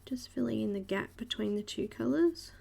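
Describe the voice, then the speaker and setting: Gravelly Australian woman teaching coloring. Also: on the high side, lively intonation, normal speed, darkish tone. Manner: chatty, narrates each step and greets viewers by name. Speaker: host of a live coloring stream. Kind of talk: live art tutorial narration.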